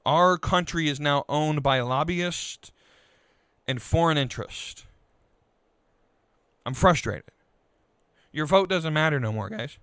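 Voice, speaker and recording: A man hosting a podcast, venting in a frustrated, halting political rant full of restarts. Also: fairly high pitch, fairly bright tone, clean tone, no echo. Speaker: podcast host.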